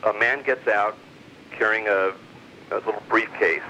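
A man's voice: fairly low pitch, steady tone, unhurried, bright, forceful tone. A middle-aged man telling a long personal story in a casual, rambling way, with many fillers and restarts. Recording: muffled lo-fi recording, faint hiss.

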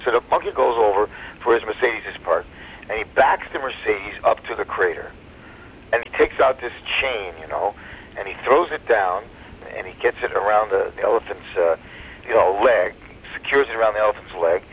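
A man's voice: on the low side, animated, moderate pace, slight background noise. A man telling a long joke on community radio, rambling with restarts and fillers, heard over slightly dull radio audio.

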